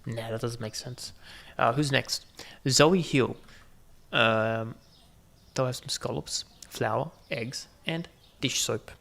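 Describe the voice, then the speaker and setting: A man's voice: medium pitch, slow, vocal fry, fairly bright tone. A man hosting a gaming video, giving casual running commentary with joking asides to viewers. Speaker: gaming channel host.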